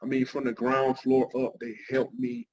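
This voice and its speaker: A man's voice: medium pitch, monotone, normal speed, darkish tone, rough recording. A middle-aged man, a guest pastor and counselor, telling his life story in an interview with an earnest, heartfelt manner.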